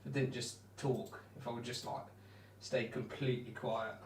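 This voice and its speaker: There's slight background noise as this young man livestreams his darts practice. His mid-range voice stays fairly even at a moderate pace while he rambles, teases himself, and reads out and answers his chat.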